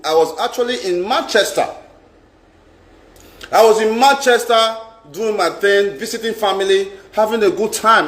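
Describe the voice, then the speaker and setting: A middle-aged Nigerian man telling a personal story in a vlog. He talks dramatically, repeats lines for emphasis and mixes in Pidgin. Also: high voice. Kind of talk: animated storytelling monologue. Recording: roomy echo.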